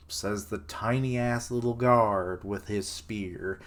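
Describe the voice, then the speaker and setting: Man, streamer, casual reaction, swears, reads dialogue aloud, unhurried pace. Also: deep voice, fairly bright tone. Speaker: streamer reacting to a comic chapter.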